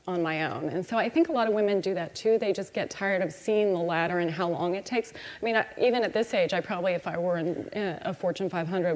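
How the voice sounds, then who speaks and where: A woman's voice: fairly low pitch, a little mellow. Direct woman speaking in a reverberant hall. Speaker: company CEO on a panel. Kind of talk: panel discussion answer. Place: conference stage.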